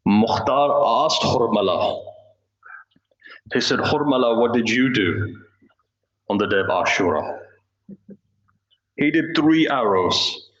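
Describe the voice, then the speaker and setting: A man reciting a slow, grieving Muharram sermon in a mosque, telling a story with quoted speech. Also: mid-range voice, expressive, a bit bright. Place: mosque hall. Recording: roomy, dull hall recording.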